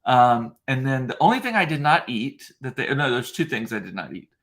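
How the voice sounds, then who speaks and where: Very animated and a bit bright, this man's medium-pitched voice runs a little fast. He's a South Texas vlogger rambling casually to his live-stream audience, stumbling through fillers and restarts while stopping to respond to their comments.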